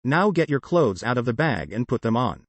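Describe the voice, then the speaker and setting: A man's voice: mid-range voice, big pitch swings, moderate pace, dry recording. Man voicing a possessed, weepy old sergeant. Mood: shaky, tearful. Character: older male police sergeant possessed by a spiteful woman, weepy and coy.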